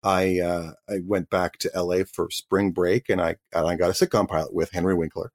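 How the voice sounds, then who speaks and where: A man's voice: sits low, fairly even intonation, fairly quick. A man, a guest actor, telling his career story in a chatty interview with frequent restarts. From Canada.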